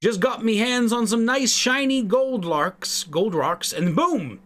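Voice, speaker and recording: A man's voice: high voice, takes it slowly, fairly bright tone, voice pushed up. A man voicing a bumbling, smelly male goblin-tribe leader in a put-on Irish accent, rambling in a chummy sing-song way. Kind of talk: reading game dialogue aloud.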